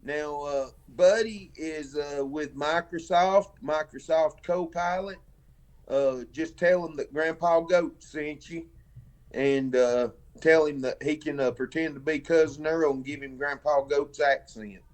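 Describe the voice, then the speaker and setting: A man who calls into a podcast and talks casually, stopping and restarting often with many fillers. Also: a little high. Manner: halting, full of fillers and restarts. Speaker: caller. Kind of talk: casual chat. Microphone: phone.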